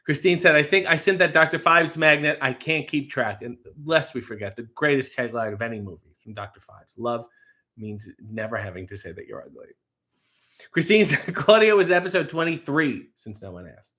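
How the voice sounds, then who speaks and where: Casual streamer, male, reads chat with cursing asides; bright, forceful tone. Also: mid-range voice, animated. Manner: swearing, quick asides, reads comments aloud. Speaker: livestream host reading chat. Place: home kitchen.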